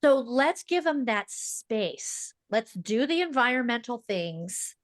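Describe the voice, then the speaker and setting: A woman who is a speech-language pathologist, speaking as a podcast guest in a fast, emphatic, teacherly way. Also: fairly high pitch, very animated, no room sound, studio quality. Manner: fast-talking. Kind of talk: podcast interview.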